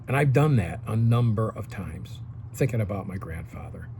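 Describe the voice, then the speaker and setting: A man's voice: fairly low pitch, expressive, moderate pace, warm tone, a little hiss or hum. A man in his sixties giving casual advice to seniors straight to the camera, coaching and often checking in with "okay?". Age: 60s.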